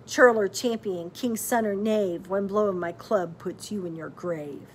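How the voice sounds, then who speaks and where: A woman's voice: medium pitch, a little slow, slight background noise, close to an everyday voice. A woman voicing a huge, menacing male giant who bellows a rhyming chant in a storybook reading. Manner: chanting rhyme in a loud bellow.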